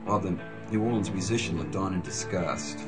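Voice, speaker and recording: A man with a low voice recounts his early years in measured, dry sentences. His tone is wry and matter-of-fact, and faint music plays under him. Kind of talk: reflective interview recollection.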